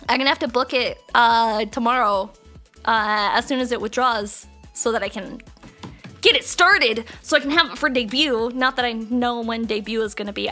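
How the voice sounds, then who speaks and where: A young woman streaming live, chatting casually with her chat, bubbly and prone to sudden excited squeals. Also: high-pitched. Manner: bubbly, reads and answers chat, jumps to squeals.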